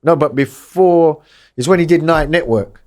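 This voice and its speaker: With a fairly high but darkish voice at normal pace, this middle-aged East Londoner speaks frankly as a DJ guest in a podcast interview, cursing liberally and imitating the people he quotes.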